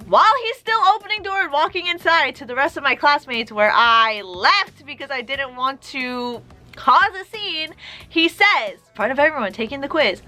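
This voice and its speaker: A young woman with a high, bright voice recounts a personal story in a storytime vlog. Her delivery swings widely and stays exasperated and animated. Faint music sits underneath. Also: moderate pace. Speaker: vlogger.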